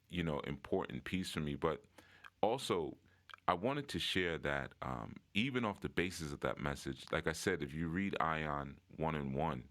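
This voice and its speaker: Man, extremely low voice, casual group-call sharing, reflective, filler-heavy. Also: fairly bright tone. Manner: reflective, conversational, many fillers and restarts. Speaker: participant in online group call. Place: online audio room.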